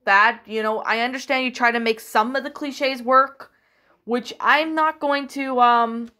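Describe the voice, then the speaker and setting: A woman's voice: fairly high pitch, steady tone, unhurried, sharp tone. A woman casually reviewing a story she narrated, rambling with many fillers and restarts, hesitant and apologetic. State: hiccuping.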